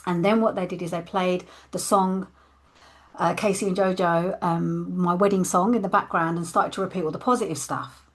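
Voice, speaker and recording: A woman's voice: fairly low pitch, normal speed. Candid woman telling her story. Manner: candid and expressive, acting out her past thoughts. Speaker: coach. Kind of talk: personal storytelling monologue.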